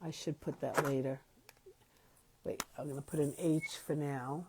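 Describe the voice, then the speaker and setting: Slow, low-voiced woman podcaster. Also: steady tone, background noise. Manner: slow, pausing, self-correcting speech. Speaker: podcast host. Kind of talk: reflective spiritual talk. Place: home, moved from New York to Los Angeles.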